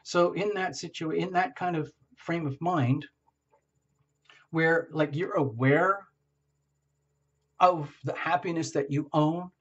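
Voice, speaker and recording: A man giving a casual tarot reading, talking gently and rambling, often checking in with "okay?". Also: fairly high pitch, slow, pauses often, husky, dull audio. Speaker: tarot reader.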